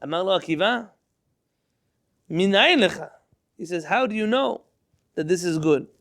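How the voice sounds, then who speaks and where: Quick, high, gravelly-voiced male teacher. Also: expressive, fairly bright tone. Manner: reads Hebrew text aloud and translates line by line into English; quizzes students with questions. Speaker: Torah teacher. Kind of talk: classroom Torah lesson.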